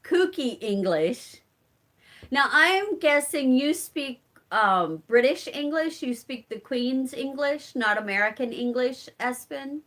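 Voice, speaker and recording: Hosting a laid-back live stream, this woman answers viewers by name as she reads the chat, with frequent laughter. She hails from a rural part of Southern Illinois, and her accent shows in a high, expressive voice that's slow and slightly bright.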